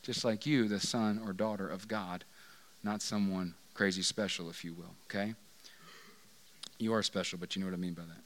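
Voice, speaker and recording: A man's voice: sits low, steady tone, moderate pace, fairly bright tone. A male pastor preaching in a conversational, joking way, often asking the audience questions. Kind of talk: sermon.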